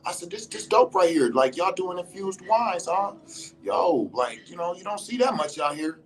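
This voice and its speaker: A man's voice: sits high, very animated, moderate pace. A man telling a story in casual slangy speech, cursing freely and acting out what others said. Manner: slangy, profane, acts out the voices of others. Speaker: storyteller recounting an encounter.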